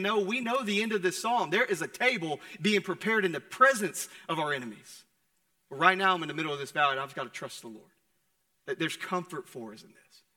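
A young adult man preaching a sermon in a conversational way, moving between loud and hushed passages. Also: high voice, big-room sound. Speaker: pastor. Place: church sanctuary.

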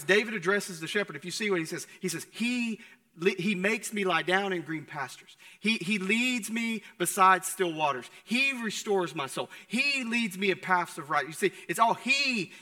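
A young adult man preaching a sermon in a conversational way, moving between loud and hushed passages. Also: high voice, big-room sound. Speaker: pastor. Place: church sanctuary.

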